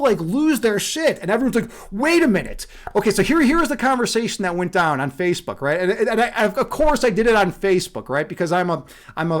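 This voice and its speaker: A man hosting a casual livestream monologue, rambling and profane, laughing at his own jokes. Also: high voice. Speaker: livestream host.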